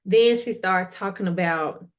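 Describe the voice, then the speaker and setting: A woman's voice: lowish voice, measured pace. A middle-aged woman hosting a motivational podcast, talking casually and colloquially while asking the listener direct questions. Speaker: podcast host.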